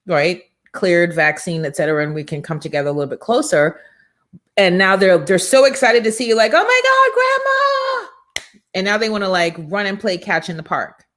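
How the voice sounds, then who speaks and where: A woman hosting a motivational morning show, talking in an energetic, preachy and emphatic way from a studio. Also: fairly low pitch, a little fast. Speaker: show host and business coach.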